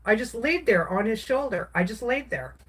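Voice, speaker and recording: A woman's voice: on the high side, lively intonation, moderate pace, a bit bright, slightly rough. A woman, a craft vlogger, casually recounting a personal story in a rambling way, with many restarts and filler words.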